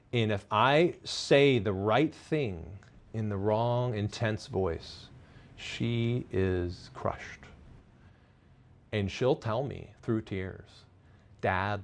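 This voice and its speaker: A man speaks on parenting and faith in front of a live studio audience. Candid and self-deprecating, he mixes in light humor while his delivery veers from loud, high emphasis to soft, low asides.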